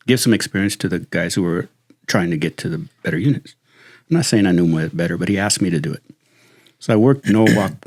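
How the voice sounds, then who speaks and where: Man, gravelly, husky, low-ish voice, blunt and profane, casual chat. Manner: profane, blunt, animated storytelling. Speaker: podcast host, former deputy.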